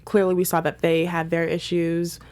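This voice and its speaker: A woman hosting a TV recap in casual chat, animated, leading the talk and asking her co-host questions. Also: on the low side, normal speed.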